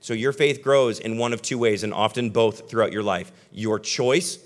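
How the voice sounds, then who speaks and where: A young man preaching a sermon as pastor, talking animatedly and conversationally, then dropping to soft, earnest tones. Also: fairly low pitch, fairly even intonation, moderate pace. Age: young adult.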